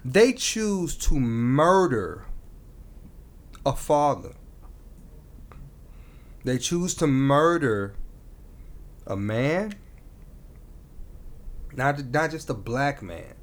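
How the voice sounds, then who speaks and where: A man's voice: medium pitch, very animated, extremely slow, long pauses. A man talking earnestly in a casual discussion, building to emotional emphasis as he makes his point.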